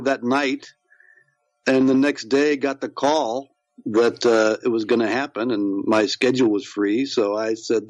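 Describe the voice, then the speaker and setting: A man's voice: mid-range voice, no room sound, rough recording. A man, an actor, chatting as a podcast guest, rambling with many fillers and restarts. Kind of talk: casual interview chat.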